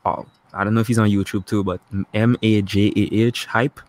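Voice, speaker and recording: A man from Guyana, co-hosting a casual online chat show in a relaxed way. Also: on the low side, fairly quick. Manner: relaxed, talks to viewers in the chat.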